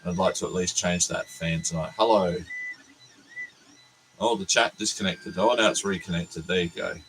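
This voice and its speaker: Deep-voiced Australian man with a cold. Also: fairly even intonation, normal speed, a little hiss or hum, rough recording. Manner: rambling, self-deprecating, chatty. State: sick, hoarse from a cold. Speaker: teacher livestreaming his workbench. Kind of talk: casual livestream chat.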